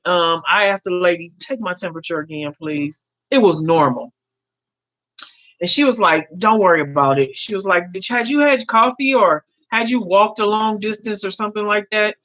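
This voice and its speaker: A woman's voice: medium pitch, fairly bright tone. A woman, casually telling a story to her viewers, acting out the dialogue and laughing often. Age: 50s. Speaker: vlogger.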